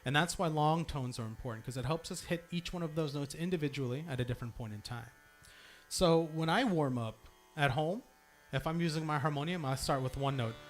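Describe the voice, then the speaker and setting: In a temple hall, a young man leading the singing teaches the congregation to practice long sung notes, encouraging them and demonstrating as he goes. His voice is fairly high and brisk, with soft music in the background.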